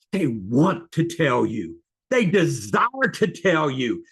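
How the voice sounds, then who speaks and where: A man coaching real estate agents in a webinar, talking in an excited, fired-up way with big rises and drops in his voice. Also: normal speed, slightly rough. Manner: excited, fired-up delivery with big swings in pitch and loudness.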